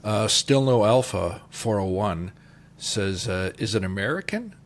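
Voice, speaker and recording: A man's voice: fairly low pitch, animated, a little slow, a little hiss or hum. A man from Canada co-hosting a livestream, reading out viewer questions in an easygoing, often laughing way. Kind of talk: casual livestream Q&A chat.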